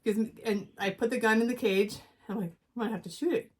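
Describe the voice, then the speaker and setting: A middle-aged woman from Wyoming co-hosting a casual chat show, telling a story in a relaxed, hesitant way with deadpan quotes. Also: fairly high pitch, quick pace, breathy edge. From Wyoming, USA. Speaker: co-host.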